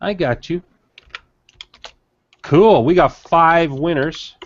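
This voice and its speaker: A man's voice: a little high, slow, lo-fi sound. A man co-hosting a live webinar, casual and hesitant, with many fillers as he reads out winners. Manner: hesitant, many fillers while reading names. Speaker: webinar co-host.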